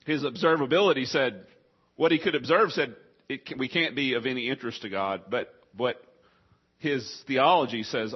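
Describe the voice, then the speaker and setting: Husky preacher with a cough. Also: male voice, medium pitch, moderate pace, lo-fi sound. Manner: coughing, choked up. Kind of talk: sermon.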